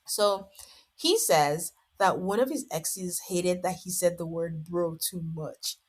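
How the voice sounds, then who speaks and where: Chatty woman recapping, lower voice. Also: takes it slowly, breathy edge. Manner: chatty, amused, lots of "like". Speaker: podcast host. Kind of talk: casual reality-show recap.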